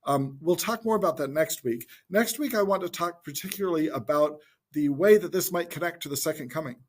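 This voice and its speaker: A man with a husky, breathy voice pitched a little higher than most men, teaching from scripture in a gentle, informal talk. He speaks reflectively and thinks aloud as he explains the passage. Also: fairly quick. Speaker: Bible teacher.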